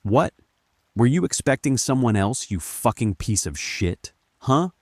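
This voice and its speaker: A man's voice: on the low side, normal speed, mellow, no echo, studio quality, natural voice. A man voicing a jealous wife who screams and curses accusations. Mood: furious.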